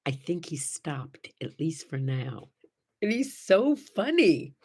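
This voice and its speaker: A woman in her seventies hosting a casual morning show, animated and bubbly, chatting to her viewers and her toys. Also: low voice, slow, breathy edge. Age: 70s. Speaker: host.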